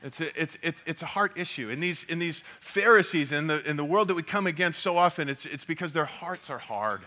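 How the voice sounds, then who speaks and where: A man's voice: fairly high pitch, a little fast, sharp tone. A man preaching a sermon as pastor, earnest and often repeating words as he builds a point.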